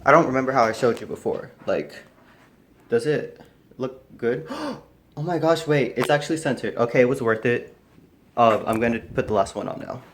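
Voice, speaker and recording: A man's voice: medium pitch, lively intonation, normal speed, a little hiss or hum. A man chatting casually to his phone camera while decorating his bedroom, rambling and self-deprecating with lots of fillers, a little out of breath. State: slightly out of breath. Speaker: vlogger. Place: bedroom, indoors.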